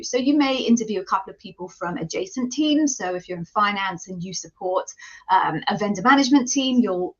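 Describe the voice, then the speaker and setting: A middle-aged British woman hosts a live stream, greeting viewers by name in a chatty, self-deprecating way. Her voice is bright and forceful, at an ordinary pitch for a woman. The sound is a little dull and lo-fi. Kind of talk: casual live-stream chat and self-introduction.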